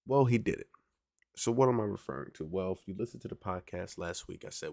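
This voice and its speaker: Male podcast host, low and gravelly, talks loose and slangy, keeps pulling the listener in. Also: lively intonation, a little fast, dark tone, no echo, clean studio sound. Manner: conversational, keeps asking "right?" to the listener; slangy, drawling delivery. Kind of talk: casual solo commentary.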